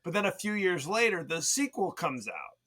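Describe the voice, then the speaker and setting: A man's voice: sits high, big pitch swings, normal speed, sharp tone. A man co-hosting a podcast in casual chat, talkative and leading the segments, laughing often. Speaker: podcast co-host.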